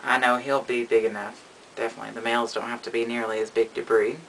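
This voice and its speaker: A man's voice: mid-range voice, flat delivery, quick pace, gravelly, a bit bright, slight background noise, low-quality recording. A man narrating a casual vlog about his pet reptiles, rambling and affectionate, cooing at his animals. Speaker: reptile keeper.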